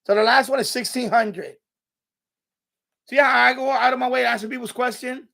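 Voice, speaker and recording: A man's voice: very high voice, brisk, vocal fry, pushed and bright. A man hosting an unscripted live stream from his home radio room, rambling, swearing a lot and sounding irritable as he shows his radios.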